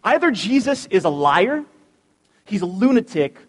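A man with a notably high voice delivers a relaxed, joke-filled sermon with lots of energy. He sounds like a youth pastor speaking to his congregation. His voice rings out with the long, lingering reverb of a church hall. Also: measured pace. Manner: energetic and animated, cracks jokes. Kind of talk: casual, joking sermon. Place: church sanctuary.

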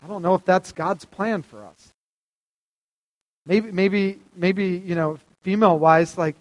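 High-voiced man preaching to a crowd. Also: unhurried, big-room sound. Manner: conversational, asks the audience questions. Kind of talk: sermon. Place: hall with stage lights.

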